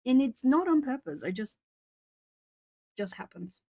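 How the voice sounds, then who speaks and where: A woman's voice: high-pitched, lively intonation, unhurried, dark tone, dry recording. A young woman chatting casually with viewers and reading their comments aloud; she laughs often and repeats or restarts words. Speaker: art channel host.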